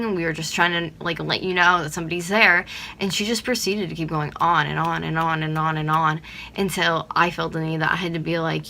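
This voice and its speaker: A woman's voice: deep voice, level tone, fairly quick, vocal fry, pushed and bright. A young woman from Pennsylvania ranting to her viewers on a vlog, blunt and swearing freely, with lots of "like". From Pennsylvania, USA. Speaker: vlogger.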